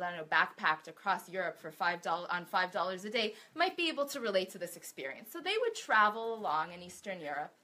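A woman giving a talk, telling a story in an expressive, animated way. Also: mid-range voice.

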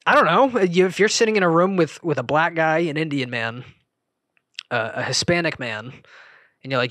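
A young man hosting a solo podcast, rambling and interrupting himself, jumping between loud remarks and mumbled asides. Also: on the high side, normal speed, pauses often, no room sound. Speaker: podcast host.

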